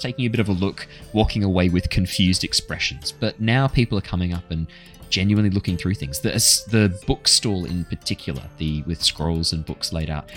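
Deep-voiced relaxed game master man. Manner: relaxed, rambling, with filler words and laughter. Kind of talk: narrating a tabletop game.

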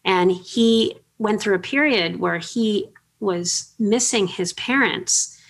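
A middle-aged woman hosting an interview, telling chatty, animated anecdotes with many fillers. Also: medium pitch, takes it slowly, vocal fry. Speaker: podcast host. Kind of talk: casual storytelling interview.

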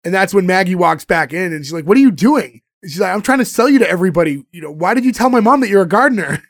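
High-voiced man recapping a show. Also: no echo, clean studio sound. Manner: animated storytelling, acting out scenes in quick quoted voices. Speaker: podcast host recapping a sitcom episode. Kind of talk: casual chat.

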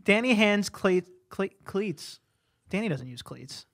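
A man's voice: high-pitched, lively intonation, measured pace, vocal fry, a bit bright. A man co-hosting a podcast, chatting and teasing the others in a playful, argumentative way. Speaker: podcast co-host. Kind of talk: casual chat.

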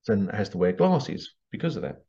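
A man with a gravelly, fry-edged voice shares anecdotes from his work in a relaxed, chatty way. He laughs often and puts on his clients' voices as he quotes them. The recording sounds dull and lo-fi. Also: lowish voice, fairly quick. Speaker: past life regression practitioner. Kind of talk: casual anecdotal storytelling.

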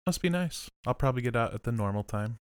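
A man's voice: mid-range voice, lively intonation, fast, clean tone, no echo. A man co-hosting a podcast in casual chat, teasing and dry-humored. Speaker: podcast co-host.

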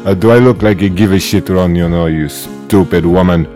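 A man's voice: sits low, moderate pace, warm tone, faint music behind, lightly acted. A man playing an abusive call-center supervisor in a prank call, swearing freely and speaking in broken English. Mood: abusive, scornful. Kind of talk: prank call role-play.

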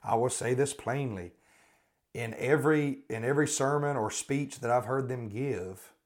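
At a normal speed and in a mid-range voice, a male podcast host delivers critical religious commentary. He hammers away at the same rhetorical questions and often breaks off to restart his sentences.

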